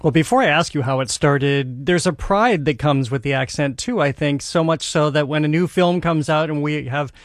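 A man with a Boston accent hosts the interview, asking questions in a curious, conversational way. His voice sits fairly high for a man. The sound is close and dry, with no room around it. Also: moderate pace, few pauses, no echo. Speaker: radio host. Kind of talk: radio interview.

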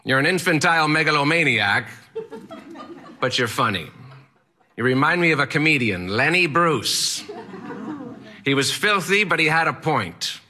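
A man voicing an eccentric old male Latin teacher with an odd, theatrical accent, gruff but kind. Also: on the high side, lively intonation, moderate pace, pauses often, bright, forceful tone, voice pushed up. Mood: amused.

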